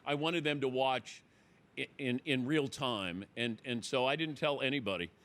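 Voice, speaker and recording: A middle-aged man hosting a talk show, telling a story in casual chat and acting out the people he quotes with loud, high exclamations. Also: normal speed. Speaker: radio show host.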